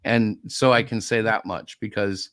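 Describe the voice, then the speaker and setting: A man co-hosting a casual chat, joking and playful, slowing down when he searches for words. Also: fairly low pitch, steady tone, a bit bright, smooth, dry recording. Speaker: co-host.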